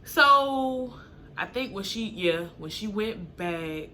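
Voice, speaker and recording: A young woman casually telling a story to camera, acting out what people said with sudden high jumps in her voice. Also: slow pace, a little hiss or hum. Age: young adult. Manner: animated, acts out quotes with sudden high pitch jumps. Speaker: storytime vlogger.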